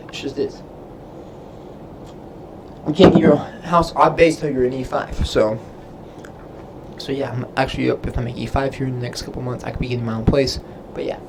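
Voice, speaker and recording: Against a noisy background, a young Navy sailor speaks in a mid-range voice while casually answering questions from his livestream viewers. His answers ramble, are heavy with fillers, and he loses his train of thought.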